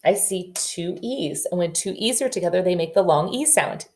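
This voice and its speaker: A woman teaching a phonics lesson to children over video, sounding out letters and reading a nursery rhyme slowly and deliberately. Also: fairly low pitch, animated, darkish tone. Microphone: camera facing the teacher.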